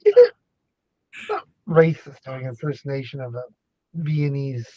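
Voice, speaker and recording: A man chatting casually as an academic guest, animated and jokey, rambling through his thoughts. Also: mid-range voice, a little slow, no echo, lo-fi sound. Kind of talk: casual chat.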